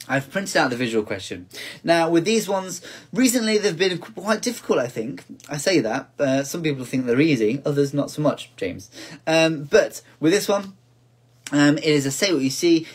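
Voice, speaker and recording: Husky-voiced man hosting a casual quiz. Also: fairly high pitch. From United Kingdom. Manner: chatty, repeats each question several times, laughs at himself. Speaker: quiz host.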